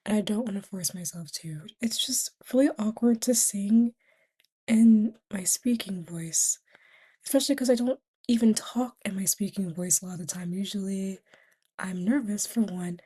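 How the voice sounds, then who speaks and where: A woman's voice: medium pitch, moderate pace, mellow, breathy edge. A tired young woman vlogging in a casual, rambling way, often dropping to a whisper between fillers. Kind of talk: casual confessional chat.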